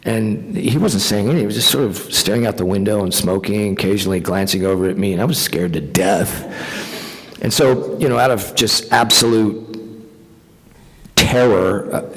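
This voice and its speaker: A man, an actor guest at a fan convention panel, telling animated anecdotes with casual swearing. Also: on the low side, normal speed. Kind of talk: convention Q&A storytelling. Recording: long reverb of a convention hall.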